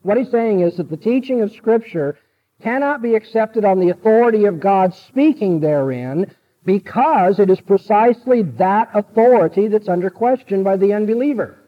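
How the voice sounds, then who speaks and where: A man's voice: sits high, lively intonation, moderate pace, dull audio. A man giving a classroom lecture, emphatic and repeating key sentences so students can note them.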